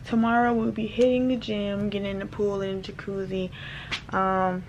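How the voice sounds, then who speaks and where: A woman in her twenties chatting casually to the camera in a vlog, relaxed and full of fillers. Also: medium pitch, normal speed. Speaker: vlogger. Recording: slightly dull sound with steady background noise.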